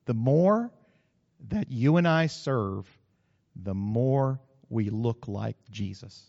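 A middle-aged man preaching a sermon as pastor, animated, acting out quotes with sudden loud bursts. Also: medium pitch, slow, gravelly. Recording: muffled recording in a reverberant hall.

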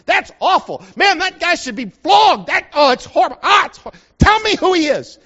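A preacher shouting as a furious ancient king, his voice climbing high and swinging wildly as he cries out for justice. The sound is muffled and lo-fi. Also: very animated, slow pace, heavily acted. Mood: outraged. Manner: shouting indignantly. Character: outraged ancient king, man, demanding justice. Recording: lo-fi muffled recording.

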